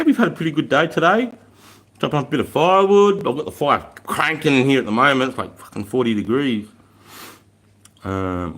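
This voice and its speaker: A man's voice: fairly low pitch, a bit bright. An Australian man on a casual live stream, greeting viewers and chatting from a room at home in a rambling, easygoing way, swearing freely and laughing often. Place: room at home with a fire going.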